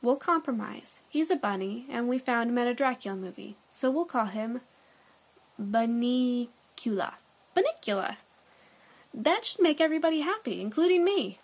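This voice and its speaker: A woman voicing a calm, peacemaking mother who speaks gently, in a read-aloud children's storybook. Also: fairly high pitch, normal speed. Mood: soothing. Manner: gentle, soothing.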